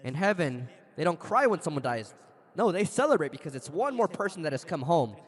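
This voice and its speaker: A male pastor preaching a sermon, telling stories dramatically with sudden leaps in pitch. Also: big pitch swings, fairly quick. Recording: long reverb of a large hall.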